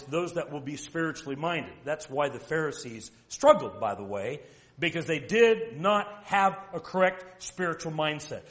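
High-voiced man preaching emphatically. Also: fairly bright tone. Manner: emphatic, rhetorical questions, reads scripture slowly. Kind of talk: sermon.

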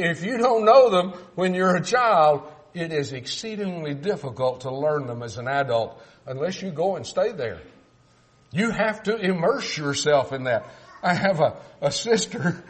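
An older man from South Texas preaches a sermon in a folksy, emphatic style, weaving Bible argument together with family stories. His voice is on the high side.

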